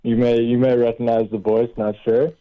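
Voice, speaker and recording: An eager male caller comes through a thin, tinny phone line. He speaks at a mid pitch, starting and stopping a little as he goes. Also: level tone, moderate pace, a crowd in the background. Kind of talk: casual chat.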